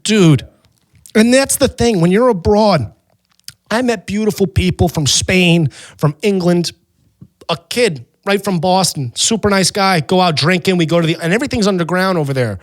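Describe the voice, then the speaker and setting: A man hosting a podcast, telling a story in a casual, animated, swearing and self-mocking way. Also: high-pitched, moderate pace, no room sound. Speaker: podcast host.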